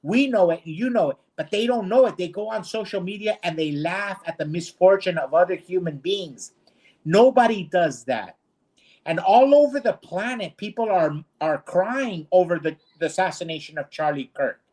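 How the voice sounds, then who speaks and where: A man's voice: sits high, expressive, normal speed, darkish tone. A man co-hosting a streamed talk show, ranting bluntly and indignantly in casual discussion. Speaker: co-host.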